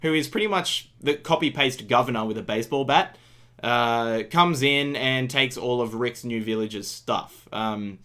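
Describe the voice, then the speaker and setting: A man's voice: mid-range voice, a little slow, a bit bright. Easygoing male co-host chatting. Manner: easygoing, chatty, recaps plots. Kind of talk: casual podcast chat.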